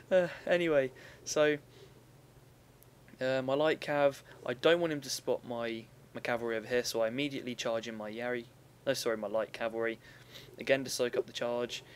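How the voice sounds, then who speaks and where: A man's voice: medium pitch, fairly even intonation, normal speed, clear, resonant tone. A young man giving casual, rambling commentary over a recorded strategy game battle, often stopping to correct himself.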